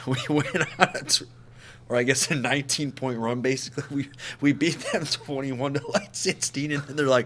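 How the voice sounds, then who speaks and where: A man's voice: mid-range voice, moderate pace, sharp tone, a little hiss or hum. A young man co-hosting a podcast, telling stories in casual chat with lots of swearing and laughter. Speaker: podcast co-host.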